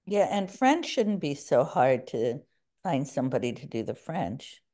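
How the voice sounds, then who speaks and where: A woman's voice: rumbling low, big pitch swings, unhurried, dark tone. A woman in an online meeting talking in a playful, coaxing way, drafting others to help. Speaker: meeting participant. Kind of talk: casual online meeting talk.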